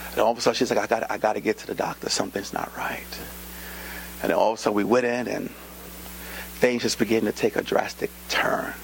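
A man, preaching a sermon and telling a personal story, acting out voices with sudden high jumps and dropping into whispers. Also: creaky, slight background noise, poor audio. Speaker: pastor. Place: church.

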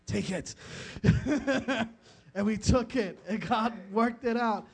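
A man's voice: very high-pitched, slow pace, gravelly, slightly rough. A man preaching a sermon, telling a personal story with frequent laughter, acting out conversations and stumbling over restarts. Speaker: pastor.

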